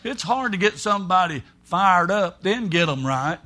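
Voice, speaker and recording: A man's voice: high voice, lively intonation, normal speed, sharp tone. A man preaching a sermon in a folksy, emphatic way, acting out the voices of people he quotes.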